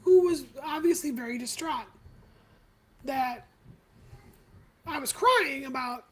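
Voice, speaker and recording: A woman hosting a podcast live stream, telling her own story in a candid, confessional way with halting pauses. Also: sits high, rough recording. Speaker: podcast host.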